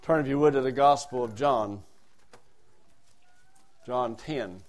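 A male preacher giving a sermon. He drops to soft, quiet asides, then rises to loud, emphatic lines, and reads scripture in a raised, declaiming voice. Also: mid-range voice, takes it slowly.

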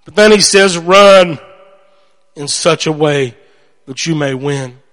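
A man's voice: on the high side, measured pace. A man preaching a sermon, telling stories animatedly and acting out voices. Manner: animated storytelling, acts out voices. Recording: long hall reverb.

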